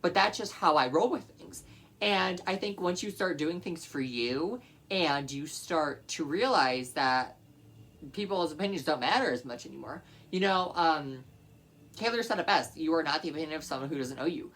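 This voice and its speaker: A man's voice: a little high, a bit bright. A man vlogger giving blunt, matter-of-fact opinions to camera, with some profanity.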